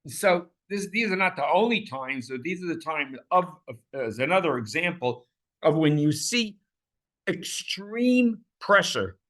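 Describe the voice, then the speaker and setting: A man leads a Bible class in a somewhat high voice. He talks with passion, repeating words and restarting sentences as he builds a point. His voice leaps up sharply whenever he quotes a plea. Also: big pitch swings, unhurried, fairly bright tone. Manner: passionate, voice leaps high when quoting pleas. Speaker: Torah teacher.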